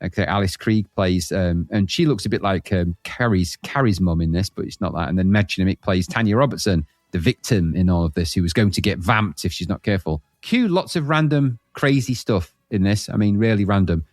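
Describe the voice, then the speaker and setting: A man's voice: low voice, brisk, few pauses, no room sound, studio quality. A man co-hosting a podcast in casual chat about retro films, blunt and laughing, acting out scenes. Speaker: podcast co-host.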